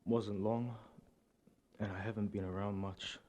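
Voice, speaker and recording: A nervous man giving a funeral eulogy for his grandfather in a church, halting and repeating words. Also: on the low side, little pitch movement, a little mellow, a little hiss or hum.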